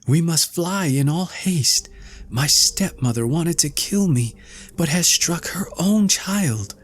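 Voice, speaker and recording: A man voicing a frightened young maiden in a fairy tale, speaking in an urgent, breathy plea. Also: on the high side, animated, slow, voice pushed up. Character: frightened young maiden fleeing with her sweetheart.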